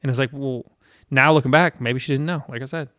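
A man's voice: medium pitch, steady tone, brisk, fairly bright tone, no echo, studio quality. A man in his thirties from South Carolina, hosting a casual chat and telling a rambling, profane story with self-deprecating laughs.

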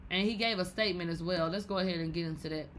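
A woman from Texas, hosting a podcast with animated, profane commentary and loud exclamations. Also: on the low side, racing, slight background noise. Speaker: podcast host. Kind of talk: casual commentary.

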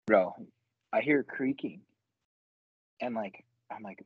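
A man's voice: mid-range voice, animated, normal speed, long pauses, no echo. A laid-back young man co-hosting a podcast, swearing a lot and calling everyone bro as he tells army stories. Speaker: podcast co-host. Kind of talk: casual chat, swapping army stories. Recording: slightly dull, lo-fi dry mic.

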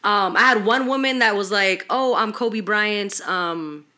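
Speaking unhurriedly at a medium pitch, a young woman hosts a podcast. Her storytelling is animated and casual, loaded with curse words and slang.

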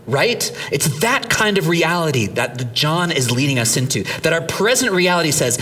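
Animated man preaching from a distance. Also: fairly high pitch, measured pace, slight background noise. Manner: animated, conversational preaching with rhetorical questions. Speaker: pastor. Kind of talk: sermon.

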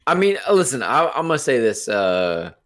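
A man in his twenties co-hosting a casual podcast, laid-back and quick to laugh and joke. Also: medium pitch, very animated. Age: 20s. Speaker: podcast co-host. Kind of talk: casual chat.

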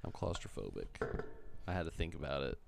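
A man in casual, crude podcast banter, rambling through halting hypotheticals in a garage with friends. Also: extremely low pitch, very animated, creaky, noisy background. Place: garage with several people.

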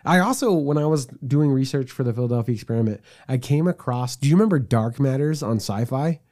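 Jokey man with a mellow voice. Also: medium pitch, a little fast. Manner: animated, jokey, swings into silly quoted voices. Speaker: podcast co-host. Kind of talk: casual chat.

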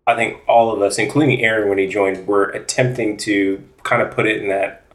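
Low-voiced man in a roomy echo. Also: flat delivery, fairly quick, fairly bright tone. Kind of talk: casual chat.

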